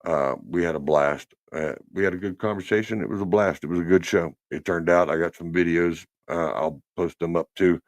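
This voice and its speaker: A man's voice: deep voice, fairly quick, hardly any pauses, no echo. A man hosting a trucking talk show, rambling and teasing in casual chat from his truck cab. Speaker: trucking podcast host. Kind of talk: casual chat while driving.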